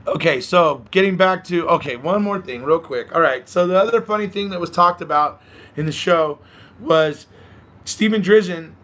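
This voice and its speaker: A hoarse man hosting a casual live stream, chatting, reading viewer comments aloud and laughing often. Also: fairly high pitch, moderate pace, a bit bright. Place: at home by a balcony.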